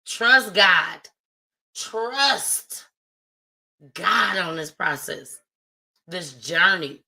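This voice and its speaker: A woman's voice: on the low side, lively intonation, extremely slow, gravelly, sharp tone, rough recording. A woman hosting a live stream, talking casually and from the heart straight to her viewers. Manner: chatty, heartfelt, addresses viewers directly. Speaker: livestream host. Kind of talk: casual livestream talk.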